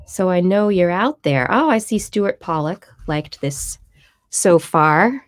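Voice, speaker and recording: Woman reading aloud, low and dry. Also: lively intonation, slow, no echo. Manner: chatty with viewers, reads with small stumbles. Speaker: host of a daily live story time. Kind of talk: reading a book aloud on a live video. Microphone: phone or computer streaming live.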